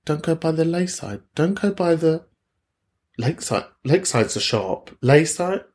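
A man's voice: fairly high pitch, expressive, unhurried, a little mellow, slightly rough. A man hosting a podcast, chatting casually and swearing freely as he reacts to listener messages. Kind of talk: casual chat.

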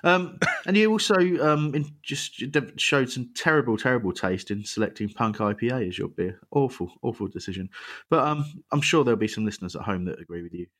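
A man's voice: mid-range voice, animated, fairly quick, fairly bright tone. A man hosting a podcast panel, jokey and rambling, often laughing at himself. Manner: jokey, rambling, self-deprecating. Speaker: podcast host. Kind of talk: casual chat.

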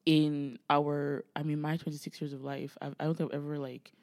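Nigerian woman in her 20s chatting on a podcast, dry close mic, jumps into loud quoted voices. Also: deep voice, level tone, a little fast, dry recording. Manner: chatty storyteller, acts out quotes loudly, laughs often. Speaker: podcast co-host. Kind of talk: casual chat.

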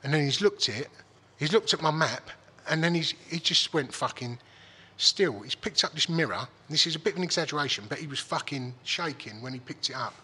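A man's voice: on the high side, lively intonation, a little fast, pushed and bright, slightly rough. A man telling a story in casual chat, swearing freely and restarting his sentences. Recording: long hall reverb.

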